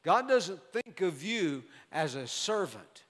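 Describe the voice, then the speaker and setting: Male preacher, high voice, measured emphatic sermon delivery, long hall reverb. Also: big pitch swings, fairly bright tone. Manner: measured, emphatic Bible exposition.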